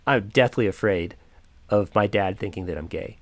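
A young man tells a personal story in a low, gravelly voice. He speaks reflectively and haltingly, with many fillers. The sound is dry and close. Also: dry recording. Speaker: podcaster.

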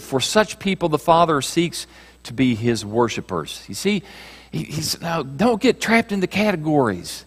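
A man preaches a sermon in a mid-range voice, reading scripture aloud. His delivery rises into raised, pressing passages and drops to hushed ones. The sound carries a long reverb, as in a church sanctuary. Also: medium pitch, expressive, moderate pace, slightly rough. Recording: reverberant hall.

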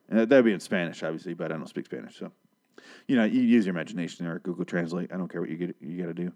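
A man with a fairly low voice chats casually and profanely while recapping a show. He rambles, restarts his sentences and drops curses everywhere. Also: fairly even intonation, racing, darkish tone. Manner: rambling, swears a lot, interrupts himself. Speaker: podcast host recapping a TV episode.

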